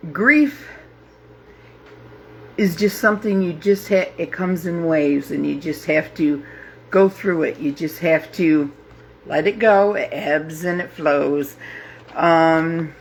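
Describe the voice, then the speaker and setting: A woman in her fifties speaks slowly and haltingly, often pausing and reaching for words. She talks openly and heartfelt to viewers as the host of a grief support group, with a faint hiss underneath. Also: deep voice. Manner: slow, halting, with many pauses and fillers. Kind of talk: live casual talk to viewers.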